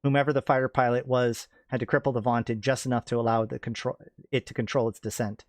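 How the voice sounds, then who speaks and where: A man narrating science-fiction fiction aloud in a steady reading voice, now and then correcting slips. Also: mid-range voice, fast talker, dry recording.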